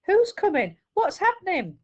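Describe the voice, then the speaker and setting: A scared young boy in a storybook reading, his voice lifted high and pleading. A woman puts him on as she reads. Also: big pitch swings, a little slow, dull audio. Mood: alarmed.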